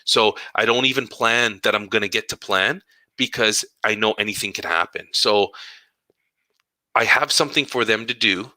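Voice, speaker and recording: Work stories pour out of this elementary school teacher in an animated, casual podcast monologue, complete with acted-out conversations. He has a lowish voice, talks at normal speed, and there's no echo.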